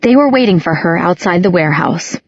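A woman's voice: on the low side, lively intonation, fairly quick, husky, dry recording, dull audio. A woman narrating an audiobook, reading every character herself with small changes of voice. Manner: reads all characters with small voice shifts. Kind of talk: scripted narration.

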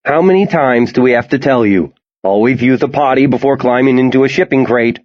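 A man's voice: mid-range voice, brisk, lo-fi sound, pitched above the performer's own voice, lightly acted. A man reading an audiobook voices a teenage boy with a dry, teasing humor. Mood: wry. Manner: wry, teasing.

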